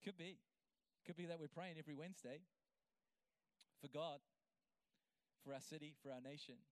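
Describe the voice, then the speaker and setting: A man, a pastor, preaching a sermon with energy that builds toward near-shouting and acting out prayers in his own voice. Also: medium pitch, clean tone, dry recording. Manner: acts out prayers and quotes in voice.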